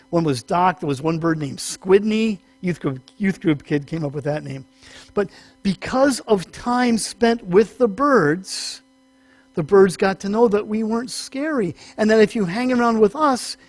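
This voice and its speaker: A male pastor with a high, light voice preaches in a relaxed, story-driven way, joking with his congregation between points. The sound is dry and close, with a faint mains hum underneath. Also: dry recording. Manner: chatty storytelling with humorous asides; animated, acts out small voices in stories. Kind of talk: sermon teaching.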